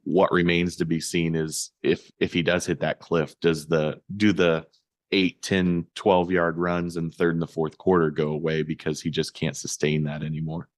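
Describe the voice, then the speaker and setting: A man co-hosting a casual sports podcast, talking in a halting way with many fillers and restarts. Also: deep voice, flat delivery, dry recording, studio quality. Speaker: podcast co-host.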